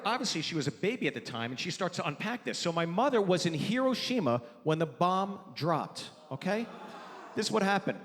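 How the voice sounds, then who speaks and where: A man doing stand-up in a big theater, his fairly high voice swinging widely as he rants with brash, mock-exasperated energy. The sound carries a long hall reverb, with a crowd murmuring faintly behind him. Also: big pitch swings, brisk, fairly bright tone, a little hiss or hum. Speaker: stand-up comedian. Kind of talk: stand-up comedy set. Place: large theater with live audience.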